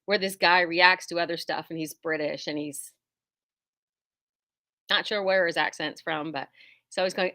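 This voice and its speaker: A woman's voice: fairly low pitch, measured pace, pauses often. A middle-aged woman who owns a quilt shop, chatting casually to viewers, wandering into tangents and poking fun at herself. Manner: chatty, tangent-prone, self-deprecating, lively asides. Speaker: quilt shop owner and host.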